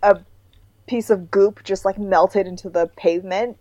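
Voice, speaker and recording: A young woman chatting casually with friends, her voice mellow and warm. She rambles through her stories, loose and full of filler words. The sound is close and dry, with no room around it. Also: medium pitch, steady tone, measured pace, no echo, highs cut off. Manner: rambling storyteller with many "like" fillers. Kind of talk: casual chat among friends.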